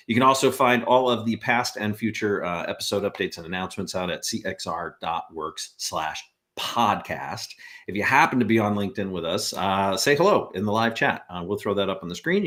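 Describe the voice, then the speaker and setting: A man's voice: fairly low pitch, fairly bright tone. A man hosting a podcast in casual chat, joking, laughing often and drifting into rambling asides. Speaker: podcast host.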